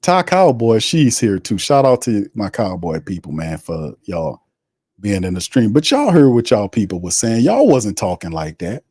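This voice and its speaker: A man hosting a live football watch party, calling plays and chatting with viewers in a loose, excitable way. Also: lowish voice, moderate pace, slightly rough, dry recording, clean studio sound. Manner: excitable on big hits. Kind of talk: casual live-stream play-by-play.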